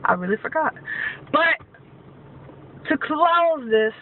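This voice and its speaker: A man's voice: very high-pitched, animated, slow, slight background noise. A young man in his twenties, venting in a heated, profane rant to the camera, recorded with tinny, phone-like sound from a distance. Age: 20s. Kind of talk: angry personal rant to camera.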